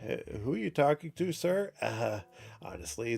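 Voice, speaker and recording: A man streaming a video game, casual and excitable, swearing when things go wrong. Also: mid-range voice, normal speed, creaky, slightly rough, faint music behind. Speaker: gameplay streamer. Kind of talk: casual gameplay commentary.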